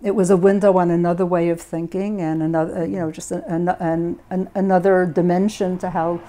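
Older woman with a mellow Brooklyn accent. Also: lowish voice, level tone, brisk. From Brooklyn, New York. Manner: reflective, with frequent self-restarts. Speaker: guest, education professor. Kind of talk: conversational interview storytelling.

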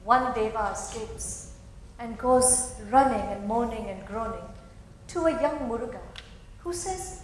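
A woman's voice: on the high side, normal speed, slight background noise. A woman narrating a story expressively, in a dramatic storytelling style. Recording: very echoey hall.

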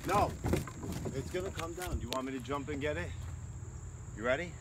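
A man's voice: on the high side, brisk. A man shooting baskets outdoors and playfully calling out his own shots. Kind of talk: casual chat. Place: outdoor basketball hoop by woods. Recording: distant voice with loud outdoor noise.

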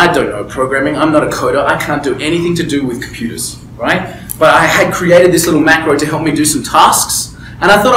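Male business mentor, slightly raised pitch, emphatic, candid, echoey room with faint ambience. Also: a bit bright, slight background noise. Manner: emphatic, keeps checking in with "right?"; candid personal storytelling. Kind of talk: motivational talk to a small group. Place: room with a table and a small group.

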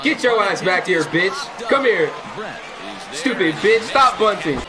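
A young man with a high, wildly swinging voice rages at a baseball video game, shouting curses and then muttering low trash talk. A stadium crowd from the game roars behind him. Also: expressive, measured pace. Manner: loud, profane, swings between yelling and muttering. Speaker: gaming streamer. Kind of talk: raging gameplay commentary.

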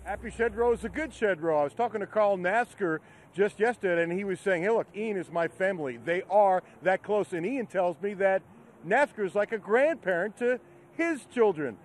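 A man's voice: high-pitched, normal speed. A man reporting a news feature, telling the story in a friendly storytelling manner. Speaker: sports reporter.

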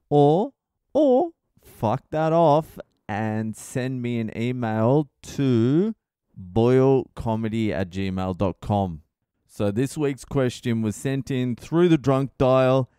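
Brief: middle-aged Australian male comedian, rowdy foul-mouthed rant, smooth voice, close dry mic. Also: mid-range voice, takes it slowly, no room sound. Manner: profane, rowdy, animated rant. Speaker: podcast host, comedian. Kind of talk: casual comedic monologue.

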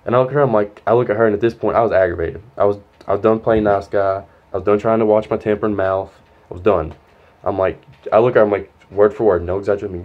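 A man's voice: lowish voice, steady tone, fast talker, a little mellow, highs cut off. A young man telling a long, rambling, profane story from his school days, quoting others as he goes. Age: young adult. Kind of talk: casual storytime vlog.

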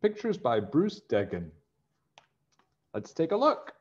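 A man reading a children's picture book aloud, animated and expressive. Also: on the high side, slow. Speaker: storybook reader. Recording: dull lo-fi recording.

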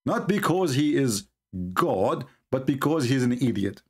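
Very animated yet measured in pace, a man's mid-range voice carries a breathy edge. As a livestream host he derides religious debate scornfully, with non-native English grammar.

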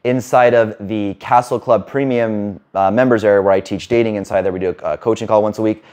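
A man working as a dating coach, talking fast and rambling in a casual monologue to camera, with some swearing. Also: lowish voice, steady tone, a little mellow. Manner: rapid, rambling, casual with profanity.

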